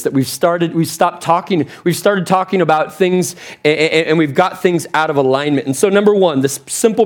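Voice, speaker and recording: A man preaching a sermon as a pastor, telling a story with animated energy and frequent word repeats. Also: on the high side. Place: church platform.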